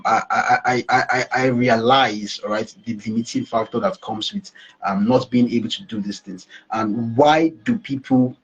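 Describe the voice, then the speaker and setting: A man's voice: on the low side, lo-fi sound. A male business coach giving a motivational talk over a call, emphatic, repeating phrases and checking in with "all right". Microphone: video call.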